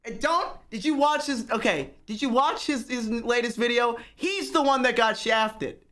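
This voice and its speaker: A man's voice: extremely high pitch, normal speed, sharp tone. Profane, ranting young male streamer. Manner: profane, ranting and self-mocking. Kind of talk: casual stream chat.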